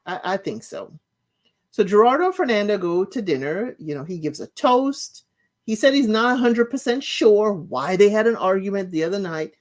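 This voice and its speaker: Lively, chatty woman recapping a show. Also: medium pitch. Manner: chatty, retells scenes in quick paraphrase. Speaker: reality show recap host. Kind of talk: casual show recap commentary.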